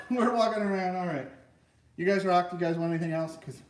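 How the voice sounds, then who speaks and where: A man's voice: sits high, fairly quick. Joking man hosting from across a room. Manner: goofy, joking banter. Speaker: host. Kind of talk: casual chat. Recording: echoey room, mic far off, faint noise.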